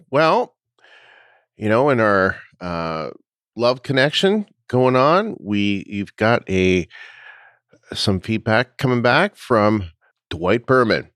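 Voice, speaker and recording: A man's voice: fairly low pitch, expressive, slow, a bit bright, no room sound, clean studio sound. A man hosting a podcast in casual chat, talking hesitantly with many fillers. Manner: hesitant, full of fillers and restarts. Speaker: podcast host.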